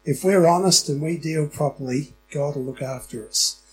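A man's voice: a little high, moderate pace, a little mellow, soft background music, low-quality recording. A middle-aged man preaching a sermon in a church, chatty and often asking the congregation questions. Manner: conversational, asks the congregation questions. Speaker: pastor.

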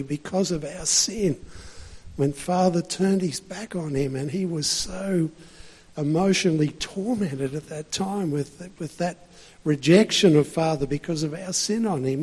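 A man's voice: a little high, unhurried, a little mellow, slightly rough, in a large hall. A man preaching a sermon in a loose, conversational way, full of fillers and restarts.

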